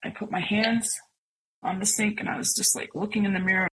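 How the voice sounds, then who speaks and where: A woman's voice: medium pitch, level tone, brisk, fairly bright tone, a little hiss or hum, rough recording. A middle-aged woman sharing a personal story as a guest, speaking earnestly and emotionally with many fillers. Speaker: podcast guest.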